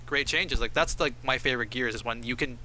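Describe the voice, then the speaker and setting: A man's voice: mid-range voice, slight background noise. A man co-hosting a casual gaming podcast, teasing his co-hosts and stretching out words for emphasis. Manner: lively and teasing, drawn-out emphasis. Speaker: podcast co-host.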